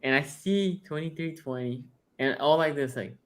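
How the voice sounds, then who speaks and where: A man's voice: fairly high pitch, normal speed. A man hosting a casual sports podcast, chatty and often tagging his points with "right?". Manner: chatty, peppers talk with "right?". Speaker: podcast host.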